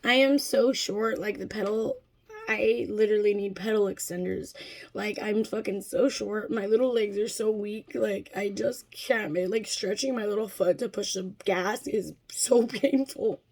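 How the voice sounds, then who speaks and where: Rambling, cursing woman with a gravelly voice. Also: mid-range voice, measured pace, a little mellow. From California. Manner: profane, rambling, frequent fillers and laughs. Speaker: vlogger. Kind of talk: casual storytelling vlog.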